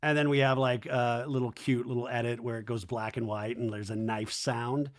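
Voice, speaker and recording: A man's voice: medium pitch, little pitch movement, normal speed. A man hosting a comedic TV recap podcast, chatty and gossipy, acting out quoted lines as he retells scenes. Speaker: podcast host.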